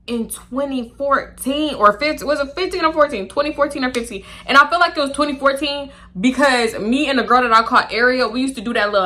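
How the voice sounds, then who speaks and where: A young woman telling a casual storytime, chatty and animated, acting out quoted dialogue with laughs. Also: sits high, fairly quick. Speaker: storytime YouTuber.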